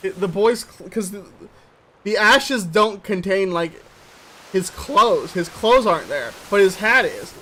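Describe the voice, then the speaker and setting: A man's voice: high voice, expressive, a little slow, pushed and bright, slight background noise. A man streaming a co-op game, teasing his partner and asking puzzled questions about what happens on screen. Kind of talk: casual gaming chat.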